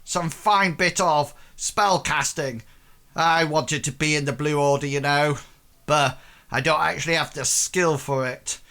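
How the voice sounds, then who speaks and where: A humble, talkative quartermaster voiced by a man in a tabletop game, speaking in a bright, friendly tone that rambles a bit. He sounds easygoing and modest. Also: a little high, steady tone, unhurried.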